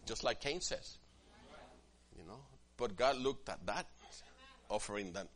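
A man preaching a sermon as pastor, swinging from quiet asides to loud, emphatic passages and acting out what church members say. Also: fairly low pitch, animated, measured pace. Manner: acts out quoted church members in different voices.

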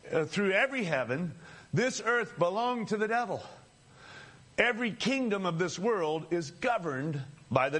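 A man with a notably high voice preaches a sermon. He speaks to his listeners as friends and builds his points through repetition, with brief chuckles in between. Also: fairly bright tone.

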